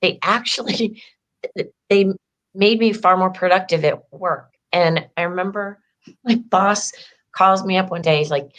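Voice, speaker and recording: Chatty woman coach, low-pitched. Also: normal speed, a bit bright. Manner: chatty, heavy "like" fillers, acts out quoted dialogue. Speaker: empowerment coach, guest. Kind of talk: casual interview storytelling.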